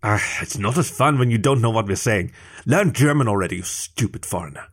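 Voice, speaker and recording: A man's voice: on the low side, lively intonation, fairly quick. A man voicing a smug, taunting young bear who bullies a boy.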